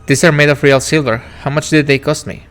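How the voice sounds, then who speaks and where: A man's voice: a little high, fairly even intonation, a little fast, a bit bright. A man streaming a narrative game, reading its first-person text in a reflective, wistful way. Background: faint game music.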